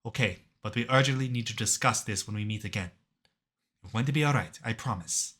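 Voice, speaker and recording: A man voicing a calm male ward doctor who speaks in a measured, reassuring way in a visual novel. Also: lowish voice.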